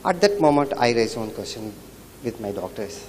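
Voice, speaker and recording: A man asking a question from the audience, emotional, halting and apologetic. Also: medium pitch, very animated, darkish tone, a little hiss or hum. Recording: long hall reverb with faint ambience.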